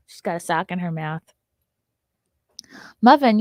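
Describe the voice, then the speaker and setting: A woman's voice: fairly low pitch, expressive, normal speed, creaky, long pauses, dry recording, studio quality. A young adult woman hosting a casual morning talk show, reading news items aloud and breaking in with blunt, swearing asides. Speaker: podcast host.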